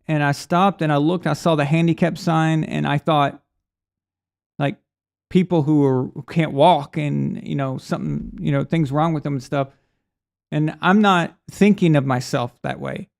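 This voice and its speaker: A man's voice: a little high, steady tone, moderate pace, gravelly, a little mellow. A middle-aged man hosting a live sports stream, chatting casually and telling rambling stories, acting out voices when he quotes people. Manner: casual, rambling storyteller with restarts; acts out voices in quoted speech. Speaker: sports show host. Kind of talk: live stream chat reading super chats.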